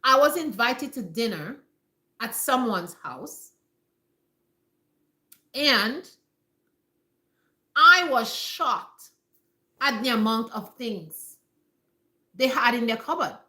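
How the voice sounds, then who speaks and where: A woman with a bright, sharp, fairly high voice gives casual live-stream health advice from home. She talks emphatically, hammers her points home by repeating them, and speaks straight to her viewers. The room sounds echoey. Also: lively intonation, slow pace, long pauses. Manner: emphatic and repetitive, addressing viewers directly. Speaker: health talk host.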